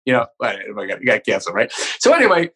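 A man's voice: mid-range voice, wildly swooping pitch, fairly bright tone, husky. A man, a comedian guest, telling a profane story in a podcast interview, often tagging sentences with "right?". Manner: rapid, profane, keeps checking in with "right?".

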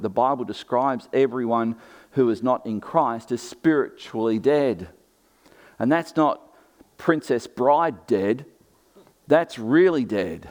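A man in his thirties preaching a sermon, expressive, moving between emphatic and quiet delivery. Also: medium pitch.

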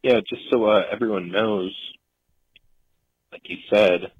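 A man's voice: fairly low pitch, steady tone, measured pace, slightly rough, no room sound, muffled recording. A man on a casual podcast, teasing his friends and swearing.

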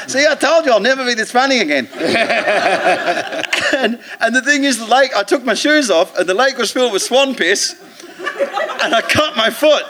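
A man's voice: very high-pitched, background noise. An Australian man, a comedian guest telling a rowdy, sweary anecdote on a live podcast stage, laughing as he talks. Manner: rowdy, sweary, laughing through his story. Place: theatre stage before an audience.

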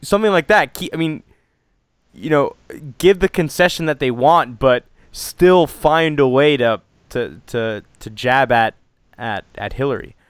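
A man's voice: medium pitch, a little slow, smooth, dry recording. A young adult man co-hosting a podcast, talking politics in a rambling, sarcastic way and laughing often. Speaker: podcast co-host. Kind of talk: casual political chat.

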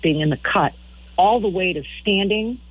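A woman's voice: mid-range voice, normal speed, husky, no room sound. A middle-aged woman, a musician guest on a radio interview, telling stories frankly and often repeating words as she talks. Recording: phone-line audio.

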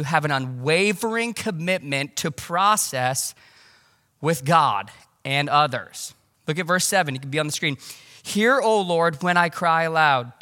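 A man preaching a sermon as pastor, conversational and animated, with casual asides. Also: fairly high pitch, big-room sound. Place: church.

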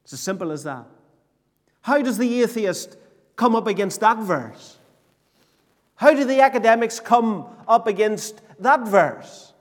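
Slow, high-voiced emphatic preacher man. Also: lively intonation. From Northern Ireland. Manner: emphatic, slow, repetitive preaching with rhetorical questions. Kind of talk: sermon. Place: church hall. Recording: long reverb of a church hall.

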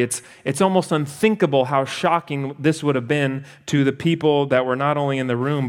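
A man delivering a sermon with an earnest, deliberate manner. He slows his pace for emphasis and speaks at an ordinary middle pitch. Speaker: preacher.

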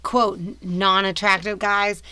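A woman co-hosting a casual podcast, chatty and quick to laugh, full of "like" fillers. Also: medium pitch, little pitch movement, pushed and bright, clear, resonant tone. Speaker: podcast co-host. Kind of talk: casual chat.

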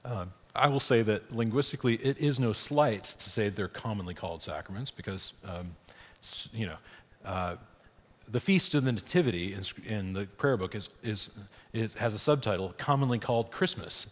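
Priest guy teaching catechism, lowish voice, loose and chatty, big echoey hall. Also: normal speed. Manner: conversational, frequent "right?" checks, laughs, restarts. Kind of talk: informal church class teaching. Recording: long hall reverb.

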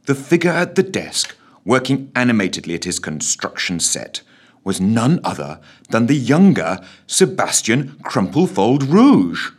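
A man's voice: mid-range voice, very animated, measured pace, husky. A man narrating a comic story with a wry, mock-solemn delivery.

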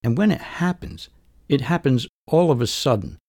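Hosting a podcast, a middle-aged man tells a first-person story with wry, conversational charm and lively intonation. His mid-range voice is a little mellow and moderately paced, captured clean in a studio without any echo.

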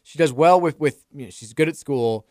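A man's voice: a little high, brisk, darkish tone, dry recording, clean studio sound. A man in his thirties hosting a sports radio show, chatting casually and telling self-deprecating stories about his family. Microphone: studio microphone.

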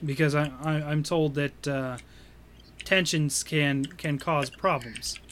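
A woman's voice: deep voice, fairly even intonation, takes it slowly, a little hiss or hum. A man voicing a proud little gnome investigator. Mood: briefing. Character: tiny proud tireless female gnome investigator. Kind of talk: tabletop role-play.

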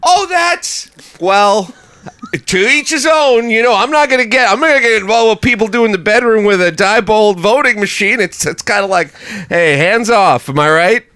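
A man's voice: high-pitched, animated, normal speed, sharp tone, clear, resonant tone. A man playing a self-proclaimed liberal activist who rambles, hesitates and lets his voice rise at the end of every sentence. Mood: eager. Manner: rambling, hesitant, full of fillers. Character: adult man posing as an over-the-top liberal activist, rambling and permissive. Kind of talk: improvised comedy character.

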